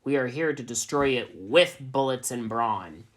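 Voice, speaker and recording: A man's voice: medium pitch, lively intonation, a little slow, close to an everyday voice. A man doing a cocky gun-toting cat. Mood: pompous.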